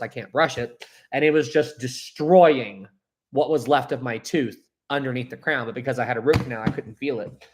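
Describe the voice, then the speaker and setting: A man's voice: medium pitch, a bit bright. A young man hosting a casual live stream, reading viewer comments aloud and rambling chattily with frequent laughs.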